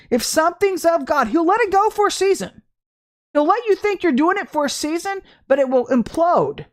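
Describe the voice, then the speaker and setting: A woman from Texas giving an impassioned, blunt spiritual talk to the camera, emphatic and laughing between points. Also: high-pitched. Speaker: Christian ministry speaker.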